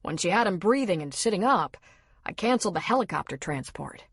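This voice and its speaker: A woman voicing an older retired general who briskly takes charge and gives instructions. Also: sits high, expressive, a bit bright, breathy edge, dry recording, studio quality, full character voice.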